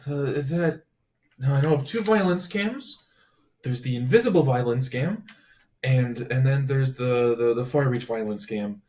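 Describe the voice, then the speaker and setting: A man voicing his character in a tabletop game, animated and quick to argue. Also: medium pitch. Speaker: player. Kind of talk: in-character tabletop role-play.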